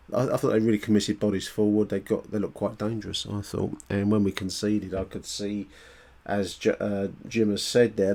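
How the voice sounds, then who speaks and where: A man's voice: on the low side, warm tone. A man hosting a football podcast, chatty and a little hesitant, with frequent ums. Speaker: podcast host. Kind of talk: casual football podcast talk.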